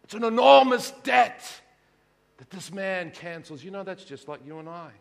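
A pastor preaching a sermon, swinging between hushed lows and shouted peaks. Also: male voice, animated, normal speed, gravelly, long reverb tail.

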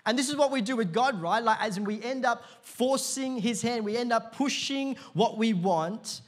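A pastor in his thirties preaching a sermon to a congregation, chatty and animated with lots of "like" fillers and sudden loud bursts. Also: extremely high pitch, moderate pace, few pauses. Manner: conversational, many "like, as in" fillers, bursts of shouting. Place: church auditorium before a live congregation.

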